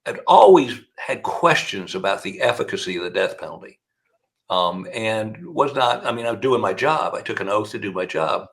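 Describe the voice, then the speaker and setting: A man's voice: fairly low pitch, moderate pace. An older man with a Southern accent, a defense attorney telling long courtroom stories as an interview guest. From South Carolina. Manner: gravelly, animated storyteller. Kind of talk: storytelling interview answers.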